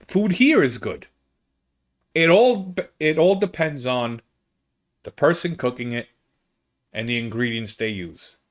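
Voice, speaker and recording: An American comedian chatting casually about a trip, rambling and interrupting himself, often checking in with "okay?". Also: male voice, medium pitch, animated, unhurried, pauses often. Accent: American English. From United States. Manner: rambling, self-interrupting, keeps asking "okay?". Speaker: comedian telling a travel story. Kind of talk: casual chat.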